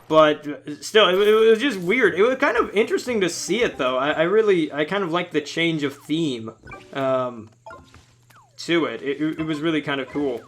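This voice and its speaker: A man giving casual, rambling game commentary, ranting and scolding in an animated way. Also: a little high. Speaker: let's-play host.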